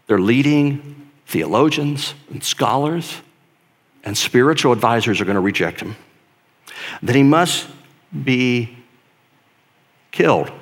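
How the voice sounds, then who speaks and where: A man preaching a sermon in a conversational, emphatic way, dropping to a hush and then building to loud stress. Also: medium pitch, lively intonation, takes it slowly, long pauses. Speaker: pastor.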